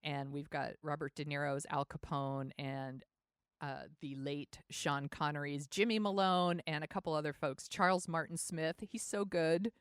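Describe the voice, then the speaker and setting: Female podcast host, chatty, lowish voice, dry close sound. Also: steady tone, normal speed, smooth, dry recording. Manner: chatty and upbeat, with frequent fillers. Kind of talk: casual chat. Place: home, San Francisco.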